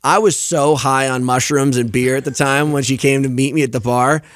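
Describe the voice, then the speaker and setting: A man's voice: mid-range voice, fairly even intonation, normal speed, no room sound, studio quality. A young man in casual podcast chat, telling stories animatedly, swearing and acting out quoted lines. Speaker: podcast guest.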